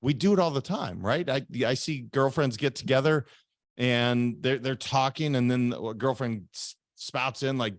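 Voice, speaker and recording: A man's voice: medium pitch, a little slow, no room sound, studio quality. A man hosting a podcast interview, talking earnestly and repeating words as he thinks aloud. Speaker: podcast host. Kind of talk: conversational interview.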